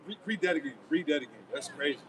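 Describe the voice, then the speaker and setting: A man's voice: a little high, expressive, quick pace, rough recording. A man hosting a live outdoor broadcast, talking in a fired-up, preachy, slangy way. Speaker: host of a live street broadcast. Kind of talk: live-stream discussion. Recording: outdoor mic with faint street noise.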